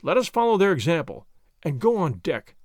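A man doing an unflappable, dismissive gentleman. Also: a little high, big pitch swings, fairly quick, dry recording, studio quality. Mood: testy. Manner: dismissive, testy. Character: calm, unflappable gentleman friend.

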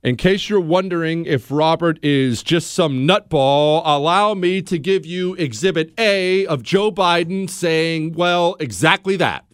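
A man hosting a talk radio show, indignant and swinging between loud outbursts and low mutters into a studio microphone. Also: unhurried, hardly any pauses, clean tone, no echo.

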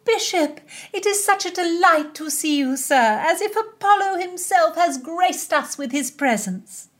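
Woman putting on a gushing high-voiced princess. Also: measured pace. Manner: gushing, flattering.

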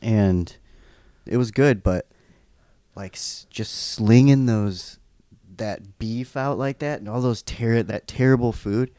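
A man's voice: mid-range voice, slow, dark tone, smooth, no room sound. A young man co-hosting a casual podcast chat, laid-back and swearing in loose banter. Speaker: podcast co-host.

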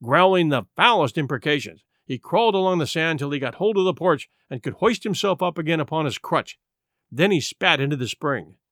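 A man narrating a classic adventure story in a theatrical, expressive reading style. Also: a little high, brisk, dry recording, clean studio sound. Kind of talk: scripted audiobook narration.

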